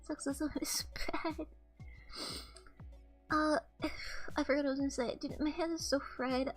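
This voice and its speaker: A high-pitched young woman streamer speaking into a desk mic. She chats casually to her viewers in a quiet, flat monotone. Faint music plays softly behind her. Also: unhurried, pauses often. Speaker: VTuber streamer. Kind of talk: casual livestream chat.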